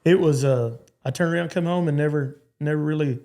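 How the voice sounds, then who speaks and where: A man's voice: a little high, brisk, mellow. A Texan man in his forties, a podcast guest telling rambling stories with lots of restarts. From Texas. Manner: rambling, stop-start storytelling with repeated restarts. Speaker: guest, cowboy. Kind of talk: storytelling in a podcast interview.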